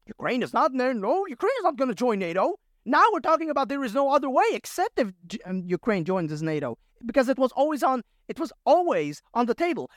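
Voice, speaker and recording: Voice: medium pitch, dry recording, studio quality. A podcast host giving a solo political commentary rant, exasperated and sarcastic, firing off rhetorical questions to mock the other side. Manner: mocks opponents with quick rhetorical questions.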